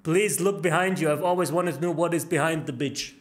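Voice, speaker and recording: A man's voice: a little high, brisk. A male streamer reacting to a horror game, crude and panicky, swearing and yelping at every scare.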